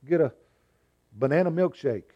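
A male pastor preaching an earnest sermon, moving between emphatic and hushed delivery. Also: on the high side, animated, normal speed, lo-fi sound.

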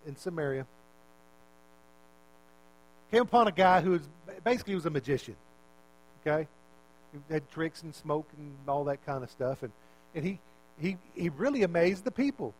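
Male preacher, high-pitched, casual sermon delivery with questions to the congregation. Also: poor audio. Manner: conversational, repeats words, asks the listeners questions.

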